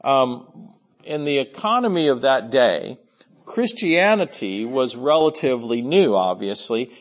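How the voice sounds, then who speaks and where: A man's voice: medium pitch, very animated, measured pace. A man preaching a sermon in an earnest, emphatic way, often restarting his phrases. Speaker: pastor.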